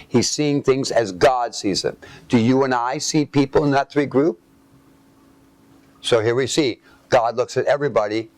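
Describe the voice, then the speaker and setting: In a dry recording, a preacher with a medium-pitched voice delivers a sermon. He reads passages of scripture aloud, comments on them, and poses fill-in-the-blank questions for his audience to complete.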